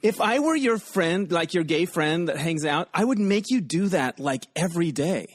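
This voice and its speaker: A man's voice: on the high side, expressive, moderate pace, dry recording, clean studio sound. A man hosting a podcast in a casual, rambling chat, often laughing as he talks. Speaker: podcast host.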